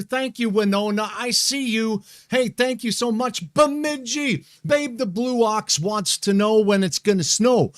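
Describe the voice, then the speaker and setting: A middle-aged weatherman from Montana talks casually on a live stream in a fairly high voice. He is folksy and chatty, and he bursts into excited shout-outs to viewers. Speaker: weather show host, meteorologist.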